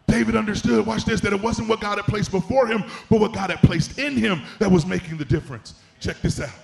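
A man's voice: high-pitched, brisk, gravelly, slight background noise. A middle-aged man preaching a sermon in a church, building to chanted, emphatic peaks. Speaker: pastor.

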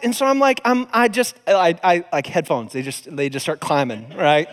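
Guy preaching, chatty and animated, kinda high voice, long echo from the hall. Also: normal speed, hardly any pauses. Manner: animated, conversational, acts out voices in quotes. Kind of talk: storytelling sermon.

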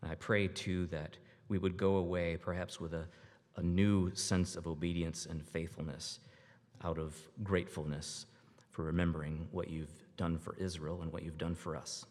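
A man reading scripture aloud in an earnest, measured way, then leading a halting prayer. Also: sits low, little pitch movement, a little mellow, long reverb tail. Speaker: scripture reader and prayer leader.

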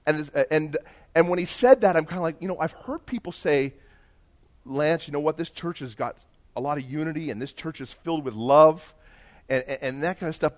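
Animated man preaching a sermon. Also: fairly high pitch. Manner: storytelling, rising to loud emphatic bursts. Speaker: pastor.

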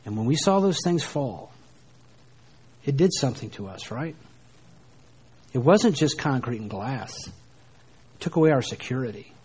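A middle-aged American man preaching a sermon, dropping to hushed lines and rising for emphasis. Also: mid-range voice, lively intonation, moderate pace, pauses often, slightly rough. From United States. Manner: preaching, shifting between soft hushed lines and emphatic rises. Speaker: pastor.

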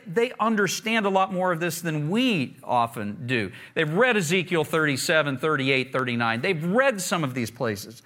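A man's voice: on the high side, a bit bright. A man preaching a sermon, reading scripture aloud and then explaining it in a conversational, emphatic way, often repeating words for stress. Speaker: pastor.

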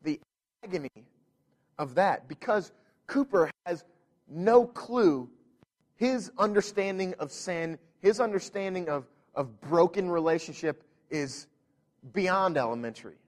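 Earnest preacher man, slightly high voice. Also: lively intonation, unhurried. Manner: storytelling, earnest, with frequent restarts. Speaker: pastor. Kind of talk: sermon.

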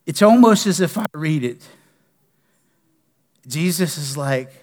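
A man preaching a sermon as pastor, moving between passionate declarations and soft, pleading prayer. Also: on the high side, animated, slow, long pauses. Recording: long reverb of a church hall.

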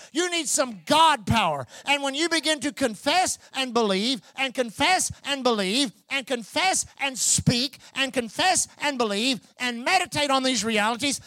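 A man preaching a sermon as pastor, building to loud, repeated calls to his church. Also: extremely high pitch, no room sound. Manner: preaching with rising, shouted repetition.

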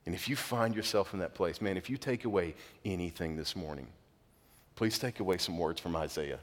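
A male pastor with a fairly low voice delivers a sermon in an earnest, conversational way, full of casual asides. His words ring out with the long reverb of a large church hall. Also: brisk. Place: church sanctuary.

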